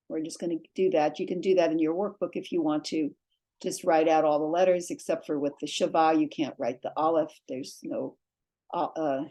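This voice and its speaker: A woman teaching a Hebrew lesson, slowly and patiently drilling vowel sounds and letters at a board in a classroom. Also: low voice, a little mellow, poor audio.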